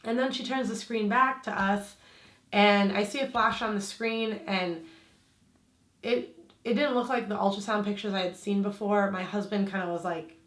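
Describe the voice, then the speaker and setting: A woman's voice: mid-range voice, fairly even intonation, moderate pace, fairly bright tone, echoey room. A woman with a slight lisp telling a personal story to camera in a chatty vlog style. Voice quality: slight lisp from aligner trays. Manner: chatty, lots of "like" fillers. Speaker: vlogger.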